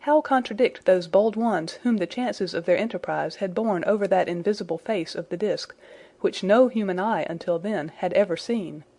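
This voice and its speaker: A woman reading a classic adventure novel aloud in a measured, even storytelling manner. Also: medium pitch. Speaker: audiobook reader.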